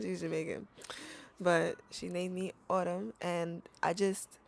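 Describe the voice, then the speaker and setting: A woman's voice: on the low side, steady tone, a little slow, vocal fry, darkish tone. A young woman vlogging casually to her viewers, chatty and playful, laughing often and rambling through restarts. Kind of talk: casual talking-to-camera vlog.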